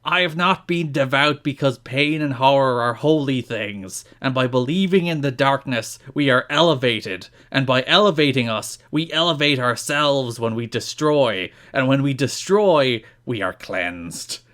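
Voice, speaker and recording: A man putting on a brooding male wrestler who recites gloomy poetry in a slow, pompous, drawn-out way. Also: mid-range voice, fairly bright tone, lightly acted.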